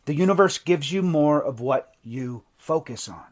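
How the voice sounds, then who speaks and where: Recovery coach, male, high-pitched, fervent and emotional, hushed then intense, live stream monologue. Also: animated, moderate pace. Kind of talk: impassioned livestream monologue.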